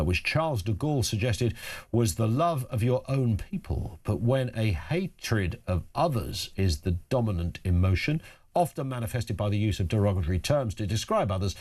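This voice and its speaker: Lively wry radio host man. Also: on the low side, normal speed. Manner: animated, wry, chatty asides. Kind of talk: talk radio phone-in.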